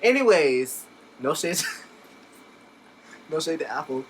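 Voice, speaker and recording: A man chatting casually while unboxing a laptop, excitable and gushing, recorded on a phone at home. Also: fairly high pitch, slow pace, slight background noise, poor audio. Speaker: tech unboxing vlogger. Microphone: phone camera. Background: background music.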